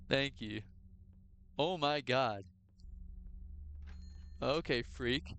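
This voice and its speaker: A man's voice: medium pitch, unhurried, pauses often, fairly bright tone, a little hiss or hum. Goofy man clowning as a hot-dog clerk. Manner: goofy, plays along as a shop clerk. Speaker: gaming streamer. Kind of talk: joking gameplay commentary.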